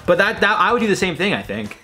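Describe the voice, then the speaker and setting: Lively, rambling young man reacting to tweets. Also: sits high, quick pace, soft background music. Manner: chatty, swearing, rambling with lots of likes. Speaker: host. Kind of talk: casual reaction commentary.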